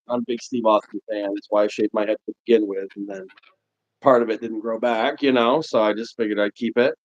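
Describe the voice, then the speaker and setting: A New England man in his forties, his voice on the low side and a little fast, hosts a livestream. He tells a long, rambling anecdote with lots of animation and plenty of fillers, and the stream audio is muffled and lo-fi.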